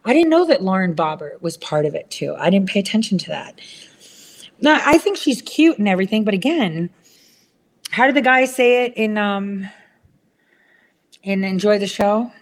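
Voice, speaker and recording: A woman's voice: expressive, normal speed, pauses often. Rambling, swearing woman ranting casually. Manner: rambling, swears, acts out quoted people in a higher voice.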